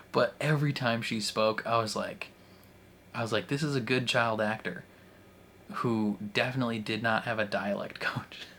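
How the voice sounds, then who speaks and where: A man's voice: medium pitch, fairly bright tone, slight background noise. A young man chatting casually about a movie he just watched, rambling with lots of fillers and frequent laughter. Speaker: movie reaction youtuber. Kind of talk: casual movie review chat.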